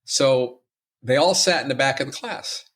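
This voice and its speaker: A man's voice: mid-range voice, a bit bright, slightly rough. An older man, an entertainment lawyer guest on a podcast, telling stories theatrically and slipping into mimicry and jokes. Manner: theatrical storyteller, quick to mimic and joke. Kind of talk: conversational podcast interview.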